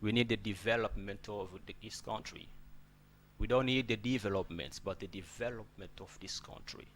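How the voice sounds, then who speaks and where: Speaking at a normal speed, a man with a fairly low, steady, slightly bright voice teaches English pronunciation and word stress, though English isn't his first language. He repeats words, frequently asks "okay?", and calls listeners brother. A little hiss or hum runs under this spoken lesson.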